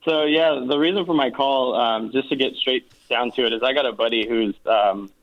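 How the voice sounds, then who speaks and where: A man's voice: medium pitch, normal speed. A man calling in to an advice show, hesitant and filling his speech with ums. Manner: hesitant, many fillers. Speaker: caller. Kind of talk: phone call to a talk show. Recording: muffled phone line.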